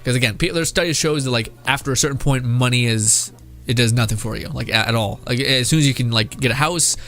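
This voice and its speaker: A man's voice: mid-range voice, fast talker, a bit bright. A young man casually reacting to memes, laughing often and swearing while he rambles.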